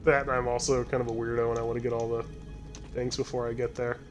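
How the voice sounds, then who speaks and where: A man's voice: medium pitch, flat delivery, fast talker. Chatty male streamer over game music. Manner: chatty, laughs easily, trails off and restarts. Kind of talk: casual gameplay chat. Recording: faint game music behind.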